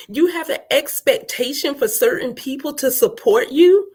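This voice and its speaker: A woman's voice: high voice, measured pace, hardly any pauses. A middle-aged woman, a motivational speaker and coach, talking live to her viewers. She speaks emphatically, in a preachy rhythm, repeating phrases and checking in with "right?".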